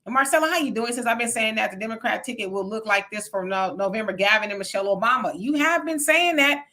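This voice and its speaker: A woman with a bright, forward voice pitched a touch high hosts a casual live show. She greets viewers by name and reads their comments aloud, then answers them in a chatty, unhurried way. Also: expressive. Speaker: livestream host reading viewer comments.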